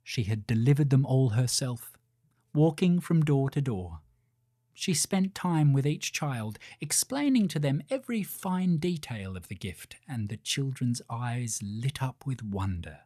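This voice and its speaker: A man narrating a children's storybook in a gentle, measured way. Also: medium pitch, lively intonation, dry recording, studio quality.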